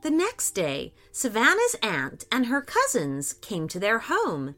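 A woman telling a children's story in slow, expressive storybook narration. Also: a little high, soft background music. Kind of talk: scripted narration.

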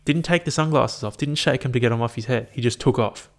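Talking alone over a headphone mic, a young man looks back on his year in a loose, rambling chat for his vlog. His voice is medium-pitched and fast, and he swears a lot and laughs at his own anecdotes.

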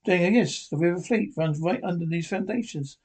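A man's voice: sits high, fairly quick, darkish tone. A man reading a blustering Victorian theatre owner. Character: bumbling, verbose Victorian theatre owner, male.

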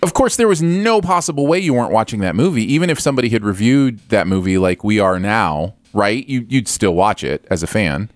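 Guy co-hosting a movie podcast, lowish smooth voice, dry close mic, lots of restarts. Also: lively intonation, fairly quick, few pauses, dry recording. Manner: hesitant, many restarts, wry. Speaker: podcast co-host. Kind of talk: casual movie review chat.

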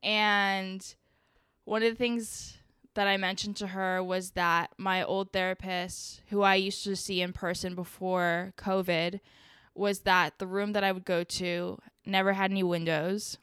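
A woman talks in a relaxed, chatty way, spinning personal stories with plenty of fillers and a lively lilt. Her voice is smooth and resonant, recorded close and dry with no room around it. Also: mid-range voice, a little slow, no room sound. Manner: chatty, animated storytelling with frequent fillers. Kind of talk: casual chat.

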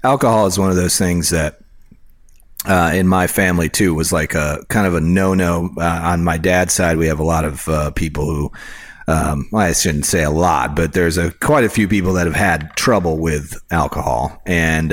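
A man's voice: low-pitched, normal speed, dry recording, clean studio sound. A man hosting a podcast, chatting casually over drinks in a rambling way with lots of asides. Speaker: podcast host.

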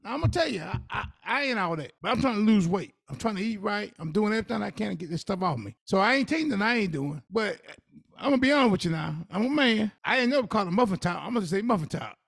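A man's voice: sits high, animated, quick pace, gravelly, a bit bright, no room sound, studio quality. A man co-hosting a podcast, brash and blunt, laughing and swearing freely in casual banter. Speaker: podcast co-host.

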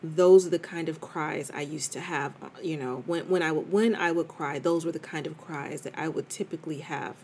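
A woman's voice: deep voice, steady tone, moderate pace, few pauses, a little mellow, a little hiss or hum. A woman hosting a podcast, talking candidly and reflectively in a chatty way, with many fillers and restarts. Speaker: podcast host. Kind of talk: casual reflective monologue.

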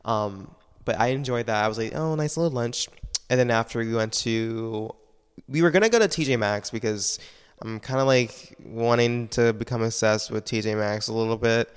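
A man's voice: medium pitch, normal speed, clean tone, long reverb tail. A young man talking casually and at length about his life. He is tired, rambles, leans heavily on "like" and swears often. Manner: rambling, heavy use of "like", frequent swearing. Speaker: solo podcaster. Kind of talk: casual personal monologue.

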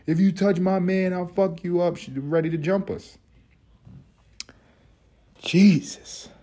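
A young man holds forth alone on his podcast, swearing freely and breaking into laughter as he mocks. His voice sits on the low side and has a husky grain. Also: warm tone. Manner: profane, mocking, laughs often. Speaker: podcast host. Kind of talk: ranting commentary monologue.

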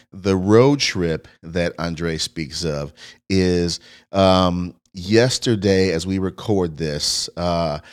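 Upbeat low-voiced podcast host. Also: male voice, clean tone. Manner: upbeat, laughs often. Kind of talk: casual podcast chat.

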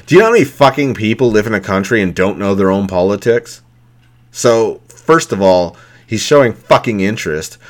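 In a furious podcast rant, the middle-aged host swears nonstop and quotes others in mocking voices. He speaks at normal speed, with a lowish voice and lively intonation.

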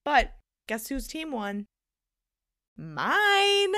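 Young woman, podcast co-host, high voice, animated storyteller, shouts the quoted lines. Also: moderate pace. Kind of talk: casual chat.

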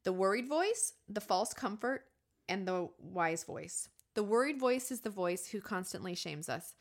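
A woman in her thirties co-hosting a podcast, telling a personal story candidly and acting out her inner voices with sudden jumps in pitch. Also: expressive, normal speed. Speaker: podcast co-host.

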